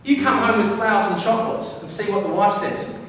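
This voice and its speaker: High-voiced man giving a lively stage talk. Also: normal speed. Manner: energetic, playful, directs the audience. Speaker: professional speaker. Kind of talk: live stage talk to an audience. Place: large hall with a live audience. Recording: echoey hall recorded from far off.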